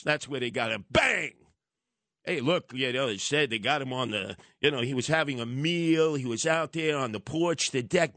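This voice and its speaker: Brief: fiery New radio host, a man with a highish voice, sarcastic and animated, dry close mic. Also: no room sound. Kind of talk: opinionated radio monologue.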